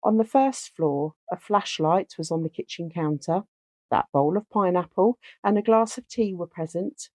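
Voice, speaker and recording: A woman's voice: on the low side, normal speed, dry recording. A woman co-hosting a true-crime podcast, joking and swearing in casual chat, then reading case details aloud. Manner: animated, sweary, reads case notes aloud. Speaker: podcast co-host.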